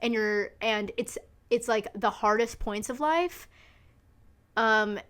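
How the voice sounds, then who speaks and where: A woman's voice: a little high, takes it slowly, fairly bright tone, clean tone. A young woman in her twenties hosting a solo podcast, talking in a rambling, emphatic way with lots of fillers and swearing. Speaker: podcast host. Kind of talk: casual solo chat. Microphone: seen recording on camera.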